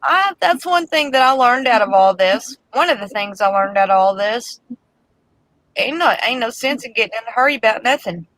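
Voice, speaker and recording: A woman chatting with friends, slow and reassuring in a folksy way. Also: on the high side, lively intonation, fairly bright tone, dry recording, rough recording. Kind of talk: casual chat among friends.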